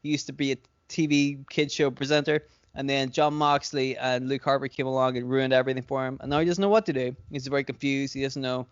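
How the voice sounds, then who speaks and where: A man's voice: mid-range voice, flat delivery, fast talker, smooth, no room sound. A man co-hosting a podcast, casually retelling an imagined storyline with lots of fillers and swearing. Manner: rambling, filler-heavy, profane retelling. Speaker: podcast co-host. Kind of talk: casual fantasy-booking storytelling. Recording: dry, slightly dull lo-fi sound.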